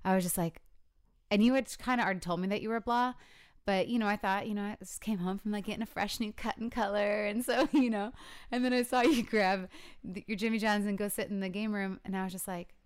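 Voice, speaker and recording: Chatty woman with a smooth voice. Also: mid-range voice, steady tone, fairly quick. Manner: chatty, laughs often, acts out quoted lines. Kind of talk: casual chat.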